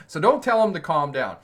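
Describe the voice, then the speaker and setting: A man's voice: medium pitch, a bit bright. A man hosting a driving channel, telling road stories in a casual livestream and answering viewers' comments, laughing often as he talks. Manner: chatty, laughs often mid-sentence. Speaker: driving instructor and channel host.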